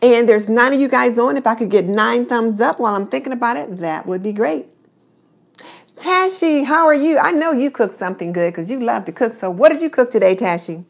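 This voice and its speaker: A woman's voice: fairly high pitch, expressive, a little fast, vocal fry. Chatty woman hosting a live stream. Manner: chatty, greets viewers by name. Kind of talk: casual live stream chat.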